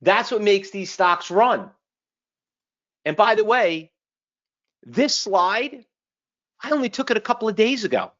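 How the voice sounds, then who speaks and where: A brash trading educator talks through charts in a live webinar, firing one rhetorical question after another. The voice sits at a middling pitch. The audio is dull and lo-fi, like a streamed online session. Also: sing-song, a little slow, long pauses, a bit bright. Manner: punchy, street-smart, full of rhetorical questions and tag "okay?".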